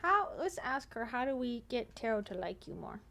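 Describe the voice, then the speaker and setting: A woman's voice: on the high side, very animated, moderate pace, creaky, bright, forceful tone. A woman hosting a comedic commentary video who reacts to clips with playful, sarcastic asides. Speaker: commentary host.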